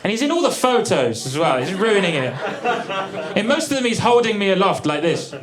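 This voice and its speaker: A young man doing a stand-up comedy set on a theatre stage, deadpan and dry, with the odd high exclaimed punchline. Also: a little fast. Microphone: stage mic. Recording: live theatre with crowd laughter. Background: audience laughing.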